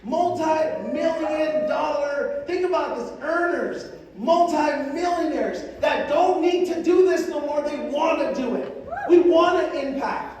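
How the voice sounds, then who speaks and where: High-voiced man booming in an echoey hall. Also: unhurried, darkish tone. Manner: emphatic, calls on the crowd to repeat lines. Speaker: motivational speaker. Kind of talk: motivational stage speech. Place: large hall with an audience. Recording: echoey hall, distant mic, crowd.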